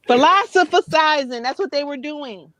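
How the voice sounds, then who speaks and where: A woman's voice: high voice, a bit bright, low-quality recording. A woman with a New York accent in a casual late-night chat, talkative and opinionated, laughing easily.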